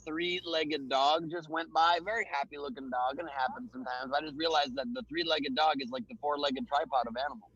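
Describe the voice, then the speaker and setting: A man's voice: fairly high pitch, fairly even intonation, a little fast, few pauses, fairly bright tone, husky, dry recording. A man calling in from a beach on a video call, chatting casually and making dry, offbeat remarks. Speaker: comedian guest. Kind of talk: casual chat. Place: outdoors on a beach. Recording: lo-fi call audio.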